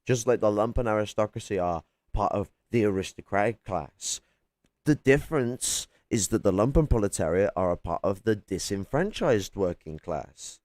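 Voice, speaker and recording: A man with a fairly low voice argues on a live stream from home, combative and sarcastic. He lectures with casual swearing. The sound is dry and close, with no room around it. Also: animated, normal speed, darkish tone, no room sound. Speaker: political streamer debating chat. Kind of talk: heated live-stream argument. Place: home at night.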